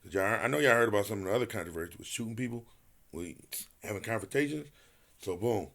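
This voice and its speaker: A man who is a retired boxer, guesting on a podcast and telling a story in an animated, profane way while acting out the quotes. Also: fairly low pitch, fast, creaky.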